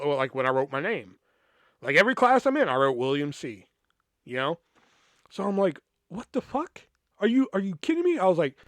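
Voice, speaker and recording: A man's voice: fairly high pitch, no room sound, studio quality. A young man hosting a podcast, telling a story in a casual, profane way and acting out the conversations he quotes. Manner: profane, animated, acts out quoted exchanges. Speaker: podcast host.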